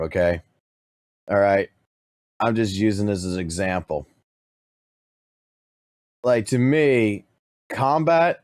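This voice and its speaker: A man's voice: lowish voice, darkish tone, no echo, studio quality. Blunt, foul-mouthed male streamer. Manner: profane and blunt, swears constantly. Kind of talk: casual live-stream talk.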